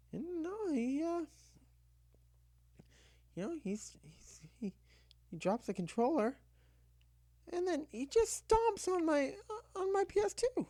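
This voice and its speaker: Woman storyteller, high lively voice, casual comic anecdote, plays out her own lines, dry close sound. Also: unhurried, long pauses, no echo. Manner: animated, constantly saying "you know".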